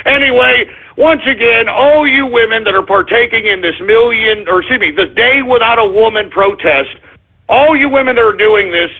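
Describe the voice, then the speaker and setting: A very high-pitched man ranting on talk radio, his voice husky and rough. He breaks into loud, exasperated shouts. The sound is thin and phone-like. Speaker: radio talk show host. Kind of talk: ranting call-in radio monologue. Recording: tinny phone-line audio.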